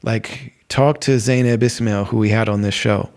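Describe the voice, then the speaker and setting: A man's voice: on the low side, fairly even intonation, moderate pace, vocal fry, a little mellow. Rambling man hosting a podcast. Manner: rambling, many fillers and restarts. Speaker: podcast host. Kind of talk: casual religious talk.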